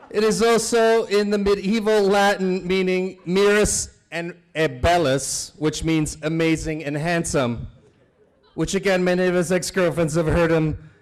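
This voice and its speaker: A man's voice: high-pitched, fairly even intonation, unhurried. A man delivering a comedy roast at a charity banquet, chuckling through his jokes and teasing the guest of honor. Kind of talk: stand-up roast set. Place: banquet event before a live audience.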